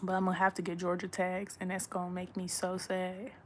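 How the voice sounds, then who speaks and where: Here the Texan vlogger's voice sits fairly low and stays monotone as she talks at a brisk clip, with slight noise in the background. She's a young woman in her room at home, rambling to the camera in a blunt, profane, casual chat.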